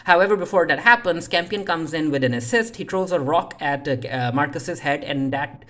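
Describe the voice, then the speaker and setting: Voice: mid-range voice, moderate pace, pushed and bright. A reviewer casually recapping a TV episode, retelling scenes loosely with lots of "uh" fillers and paraphrased lines. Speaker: TV series reviewer.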